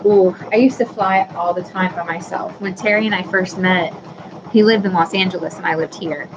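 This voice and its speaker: A woman's voice: lowish voice, fairly even intonation, normal speed, lo-fi sound, noisy background. A woman in her thirties hosting a casual live stream, chatting with viewers by name and apologizing easily. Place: home workroom with a sewing machine running.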